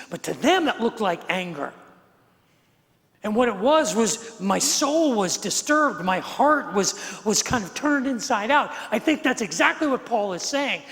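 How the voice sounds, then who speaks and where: A middle-aged man preaching a sermon as pastor, talking in a conversational way that swings from quiet to emphatic and repeats words as he goes. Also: sits high, lively intonation, moderate pace, vocal fry. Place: large church sanctuary. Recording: long hall reverb from the sanctuary.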